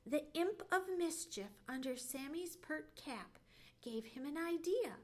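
Female librarian, storybook read-aloud; high, animated voice, expressive. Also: a little slow. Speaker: children's librarian.

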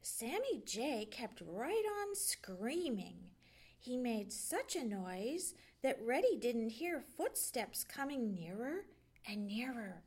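High, lively storytelling librarian woman. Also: takes it slowly, slightly rough. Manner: gentle, expressive storytelling. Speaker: children's librarian. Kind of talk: storybook read-aloud.

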